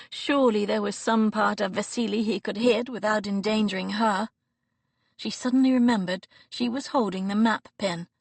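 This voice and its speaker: A woman narrating an audiobook in an expressive, dramatic reading. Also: mid-range voice, creaky, no room sound. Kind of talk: scripted narration. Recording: dry close studio recording.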